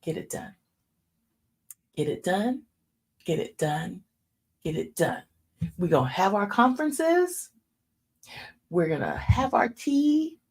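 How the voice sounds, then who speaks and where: A church speaker in her fifties preaches informally in a medium-pitched, breathy voice, taking it slowly and pausing often. She's an animated storyteller who refers to her listeners as y'all.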